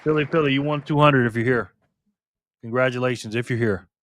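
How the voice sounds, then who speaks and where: A man's voice: medium pitch, fairly quick, fairly bright tone, a faint crowd, a little hiss or hum. Man chatting casually on a live stream. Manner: loose, talks to chat viewers by name, repeats himself.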